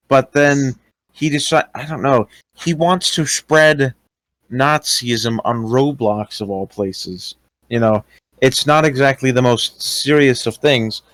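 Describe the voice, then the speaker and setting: A young man talks in a casual, halting way, often pausing on fillers and restarting sentences. His voice sits at an ordinary middle pitch. The sound is close and dry, with no room echo. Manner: hesitant, many fillers and restarts. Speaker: interviewee recounting experiences. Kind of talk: casual voice-call talk.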